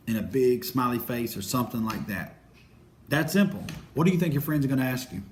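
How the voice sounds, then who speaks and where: Energetic man giving a sales training talk. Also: medium pitch, a little hiss or hum. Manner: energetic, acts out quick phone calls.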